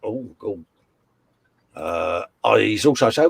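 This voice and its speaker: Animated but measured in pace, his medium-pitched, darkish voice carries no echo. He hosts a casual livestream, chatting jokily, reading out comments and rambling with lots of "uh" and "mate."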